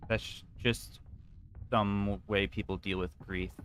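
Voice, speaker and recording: A man's voice: fairly low pitch, level tone, slow pace, slight background noise. A man streaming a game, chatting casually and teasing his co-host with dry remarks. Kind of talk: casual chat while gaming.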